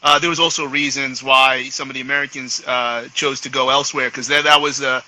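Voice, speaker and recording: A middle-aged man with a New York accent hosting a casual live chat, talking haltingly with many restarts and slipping into Spanish. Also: mid-range voice, level tone, bright, forceful tone, poor audio. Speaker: host.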